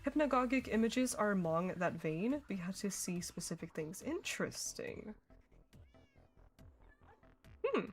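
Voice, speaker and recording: With a sing-song, mid-range voice at a moderate pace, a young woman giggles and chats casually during a game stream, responding to her viewers' chat over faint background music.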